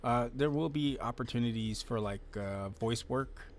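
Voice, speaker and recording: A man's voice: mid-range voice, moderate pace, a little hiss or hum. A man hosting a casual livestream, rambling in a laid-back way, swearing now and then, talking into a close desk mic at home. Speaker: livestream host. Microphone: desk mic, close then moved closer.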